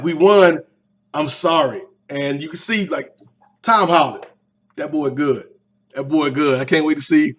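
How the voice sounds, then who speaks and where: A young man talks through a movie reaction on his podcast. His voice sits a little high for a man. He keeps it loose and animated, tossing in slangy jokes as he goes. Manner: animated, slangy, quick asides. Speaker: podcast host. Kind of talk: casual movie reaction review.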